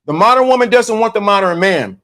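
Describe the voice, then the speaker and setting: A man's voice: high-pitched, animated, brisk, bright, forceful tone, a little hiss or hum. A man hosting his own channel, giving a preachy live commentary, repeating himself and restarting phrases often as he talks into his phone. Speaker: channel host. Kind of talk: livestream commentary.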